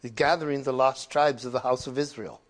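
A man's voice: mid-range voice, steady tone, a little fast. A man leading a sermon, who talks about the scripture readings in a conversational, earnest way and repeats words for emphasis. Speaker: preacher. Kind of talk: sermon commentary.

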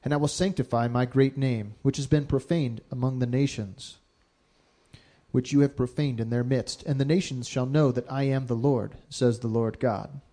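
Male scripture reader, dark mellow tone, steady measured delivery, Bible reading aloud. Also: mid-range voice.

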